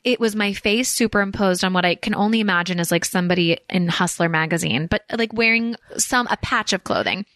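A woman's voice: medium pitch, brisk, few pauses, a bit bright, dry recording. A woman co-hosting a podcast in casual chat, gushing and rambling with lots of fillers. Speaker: podcast co-host.

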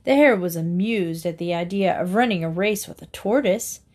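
A woman's voice: fairly low pitch, a little mellow. A woman narrating a series of short fables, reading each story aloud with its moral. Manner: slow, deliberate reading aloud. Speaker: reader.

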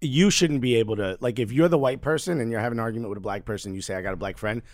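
A man from Newark, New Jersey, chatting and telling funny stories on a comedy podcast in a slangy, animated way. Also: mid-range voice, very fast, no echo, studio quality. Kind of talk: casual comedic chat and storytelling.

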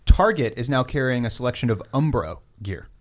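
A man's voice: medium pitch, animated, brisk. Rambling young man chatting about fashion. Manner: loose, rambling, lots of fillers and restarts. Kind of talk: casual chat about fashion.

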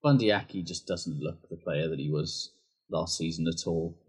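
Male co-host, lowish husky voice, casual sweary sports chat. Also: moderate pace. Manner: sweary, animated rugby banter. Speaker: podcast co-host.

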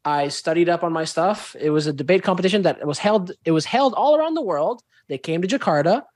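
A young man from Indonesia, a performing arts student, chatting as a podcast guest and telling lively stories with a playful streak. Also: high voice, brisk, no echo, studio quality. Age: young adult. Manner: enthusiastic storyteller, slips into playful character voices. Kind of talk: casual podcast interview.

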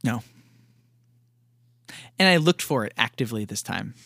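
A man's voice: mid-range voice, lively intonation, measured pace, vocal fry, fairly bright tone, dry recording, clean studio sound. A man co-hosting a podcast, recapping a cartoon in casual, rambling chat and chuckling often. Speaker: podcast co-host.

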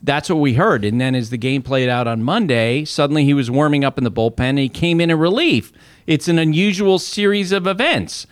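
A man's voice: on the high side, animated, a little fast, smooth, dry recording. A man talking baseball as an analyst on a casual podcast, telling stories conversationally, with restarts and laughs.

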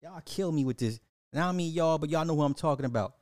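A man rants into a podcast mic, mocking and scolding his audience with heavy profanity. His voice sits a little high for a man. The sound is dry and close, with no room around it. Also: quick pace, a little mellow, no echo. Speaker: podcast host. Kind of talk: ranting social commentary.

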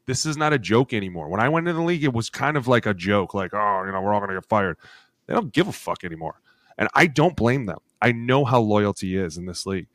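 A man in his thirties co-hosting a sports podcast, telling animated locker-room stories full of acted quotes and cursing. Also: lowish voice, fast talker, no echo, clean studio sound. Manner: animated storytelling with acted quotes, swears freely. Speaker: podcast co-host, former NFL lineman. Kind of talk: casual chat.

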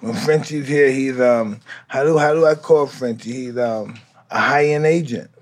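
A man in his fifties hosting a casual podcast chat, talking slowly and emotionally while high on mushrooms. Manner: slow, emotional, storytelling. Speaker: host. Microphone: studio mic.

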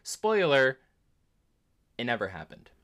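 A woman's voice: a bass voice, sing-song, slow. A woman hosting a podcast in a casual, blunt and sarcastic way, swearing freely. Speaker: podcast host. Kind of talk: casual conversational commentary.

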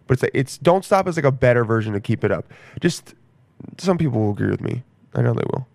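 A man's voice: medium pitch, animated, fast talker, creaky, a little mellow, no echo. A young man rambling casually in a profane, self-mocking monologue as a podcast host.

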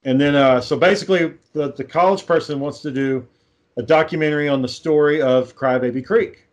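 A man in casual chat, rambling through a low-budget horror film plot, swearing freely and acting out the characters' lines. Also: a little fast. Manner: rambling, profane, acts out quoted lines. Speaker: amateur filmmaker pitching a script.

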